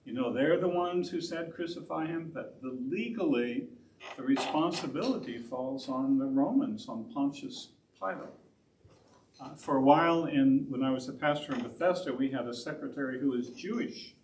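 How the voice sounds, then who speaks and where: A pastor from Oregon teaches a Bible study at a middling pitch, wandering into asides as he goes. He sounds set back from the microphone in an echoey church classroom, with a faint hiss underneath. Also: normal speed, a little mellow. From Oregon, USA. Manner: rambling, conversational, with self-aware asides. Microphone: distant room mic. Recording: roomy, distant, faint hiss.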